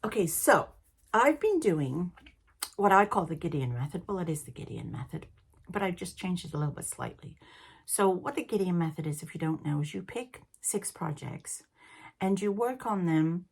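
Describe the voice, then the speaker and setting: A woman in her fifties with a Liverpool accent softened by years in Canada, hosting a knitting podcast in a chatty, rambling way. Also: on the low side, moderate pace, gravelly, breathy edge. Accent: Liverpool English softened by decades in Canada. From England, Liverpool. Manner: chatty and rambling, with laughs and excited asides. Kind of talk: casual chat.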